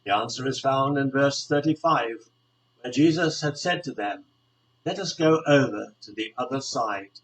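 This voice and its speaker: Calm, earnest man reading a devotional. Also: medium pitch, low-quality recording. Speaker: church community member. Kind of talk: devotional reflection read aloud.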